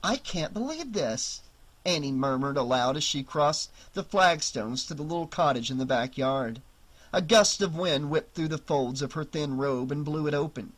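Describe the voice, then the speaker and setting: 남성 호러 오디오북 낭독자. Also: male voice, fairly high pitch, moderate pace, a bit bright. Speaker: audiobook narrator. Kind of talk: scripted horror novel narration.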